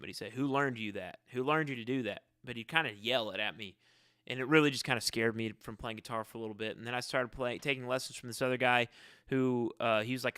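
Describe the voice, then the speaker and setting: A musician answering fan questions in a casual live-stream Q&A, rambling and halting as he often restarts his sentences. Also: medium pitch, sharp tone, smooth, no echo, studio quality.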